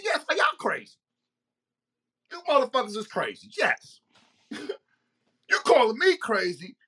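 Heated, lively-voiced man ranting. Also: extremely high pitch. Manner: heated, profane, rhetorical questions. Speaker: podcast host. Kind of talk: ranting monologue.

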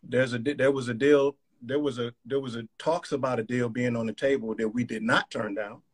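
A man in a heated argument on a live call, staying calm while pressing pointed questions. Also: medium pitch, a little fast, breathy edge.

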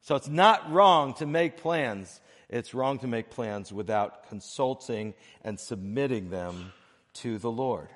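A man preaching a sermon as pastor of a church, earnest and measured, breaking his phrases with pauses and swinging between soft and loud. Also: mid-range voice, expressive, big-room sound. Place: church sanctuary.

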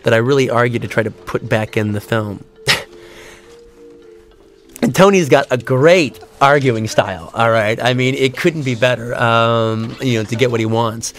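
A man's voice: mid-range voice, moderate pace, a bit bright. A man giving a casual audio commentary on a film, rambling with many fillers and restarts and acting out audience reactions in a raised voice.

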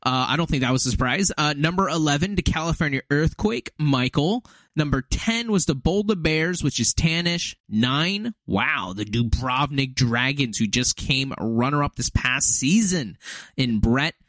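A man's voice: fairly high pitch, animated, normal speed, a bit bright, no echo. Chatty man hosting a podcast, dry sound. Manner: rambling, laughs often, many fillers. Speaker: podcast host and league commissioner. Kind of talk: casual podcast chat.

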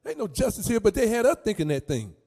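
Animated man commentating over a clip. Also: sits high, quick pace, creaky, husky, big-room sound. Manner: animated, repetitive, stammers and restarts, gets loud and sing-song. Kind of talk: religious commentary on a played clip.

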